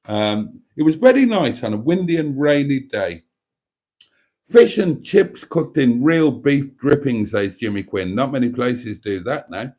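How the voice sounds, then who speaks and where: Man, livestream host, reads chat, wry camp asides, lively animated pitch. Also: a little slow. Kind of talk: casual live chat.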